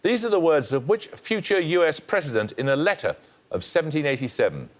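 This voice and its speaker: Brisk, authoritative quiz show host man. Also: fairly high pitch, sing-song. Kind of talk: formal quiz hosting.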